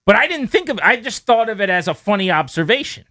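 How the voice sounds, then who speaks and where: A man hosting a sports radio show, telling a story in a lively, animated way and acting out the quotes in it. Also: sits high, quick pace, no echo, studio quality. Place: radio studio. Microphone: studio mic.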